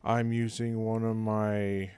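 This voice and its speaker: A man's voice: fairly low pitch, flat delivery, slow pace, darkish tone, smooth, dry recording. A middle-aged man casually talking through a home cooking video in a rambling, folksy way, recorded as a voice-over. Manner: rambling, folksy, with many uh fillers. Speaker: home cook.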